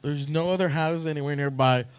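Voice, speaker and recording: A man with a somewhat high voice swears freely as he tells a story on his podcast, animated and quick to act out the people in it. The sound is dry and close, with no room echo. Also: clear, resonant tone. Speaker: podcast host. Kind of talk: casual storytelling.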